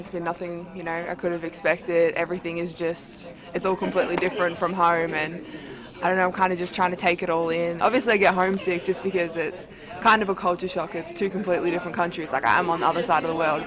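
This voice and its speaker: A woman's voice: on the low side, flat delivery, quick pace, crowd noise, low-quality recording. A young woman with an Australian accent, a college basketball player chatting casually in an interview. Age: young adult. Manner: casual, chatty, says "like" often. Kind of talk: interview soundbite.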